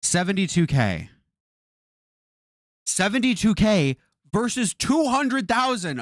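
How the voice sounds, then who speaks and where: A man reacts live on stream, firing back at a video in disbelief and swearing as he goes. His pitch jumps all over the place. The sound is dry and close. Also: sing-song, slow pace, long pauses, no room sound. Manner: incredulous, exasperated, swears a lot.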